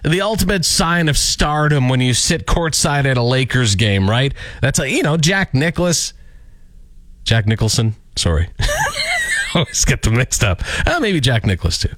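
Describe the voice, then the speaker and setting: A man's voice: medium pitch, huge pitch swings, unhurried, fairly bright tone, no echo. A male radio morning show host doing a mock-indignant, emphatic comic rant. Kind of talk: ranting comic radio segment.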